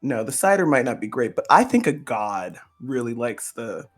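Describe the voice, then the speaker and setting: Stumbling player ordering drinks. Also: male voice, mid-range voice, very animated, moderate pace, soft background music. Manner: stumbling over words. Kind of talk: casual play at a tabletop game.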